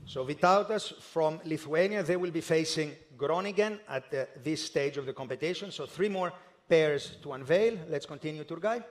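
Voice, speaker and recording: Higher-voiced man presenting a draw ceremony. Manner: measured and methodical, with occasional hesitations. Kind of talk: formal live announcing. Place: indoor ceremony hall.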